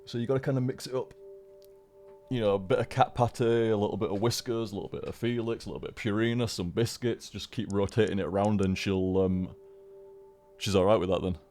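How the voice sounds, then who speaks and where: A man chatting casually on a live stream, rambling with halting restarts and frequent swearing. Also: on the low side, fairly even intonation, a little mellow, faint music behind.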